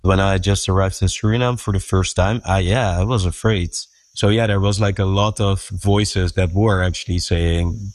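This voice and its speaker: A man's voice: low voice, fairly even intonation, normal speed, hardly any pauses, no echo. A man in his thirties with a Dutch accent, a writer recounting a personal journey with many fillers and laughs. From Netherlands. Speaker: interview guest, writer. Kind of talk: personal storytelling.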